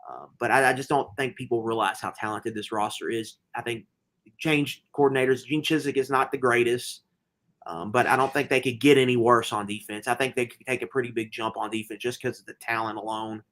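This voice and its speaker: A man co-hosting a podcast, giving college football predictions in casual sports betting chat, speaking in quick bursts of emphasis. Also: medium pitch, fairly even intonation, a bit bright. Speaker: podcast co-host.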